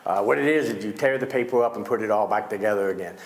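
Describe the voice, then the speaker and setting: Teasing low-voiced male stage magician. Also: quick pace. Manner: teasing, wisecracking with volunteers. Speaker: magician performer. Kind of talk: comedic magic show patter. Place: school stage before a young audience.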